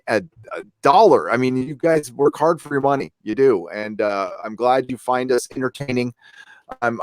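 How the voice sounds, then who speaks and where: A man hosting a live stream from his home desk, talking in a blunt, fired-up way to rally his viewers. His voice sits in the middle of the male range, and the sound is close and completely dry, with no room echo. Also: medium pitch. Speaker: livestream host. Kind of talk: casual live-stream chat.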